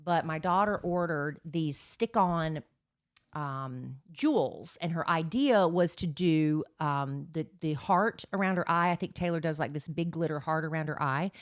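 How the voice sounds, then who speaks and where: Woman, forties, podcast co-host, low voice, chatty storyteller, dry sound. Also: expressive, moderate pace, dry recording. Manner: chatty storyteller, many fillers. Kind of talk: casual chat.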